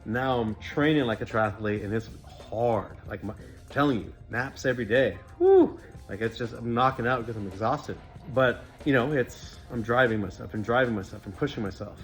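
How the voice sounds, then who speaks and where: An earnest man with a mid-range voice speaks in a personal training vlog. He is a fitness coach, and he rambles in a heartfelt, reflective way with plenty of fillers. Soft music plays faintly behind him. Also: mid-range voice, brisk. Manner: rambling conversational delivery with many fillers.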